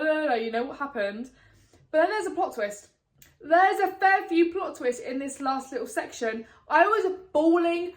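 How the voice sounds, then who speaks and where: A young woman chatting through a casual book review vlog, gushing and swearing freely. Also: fairly high pitch. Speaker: book vlogger.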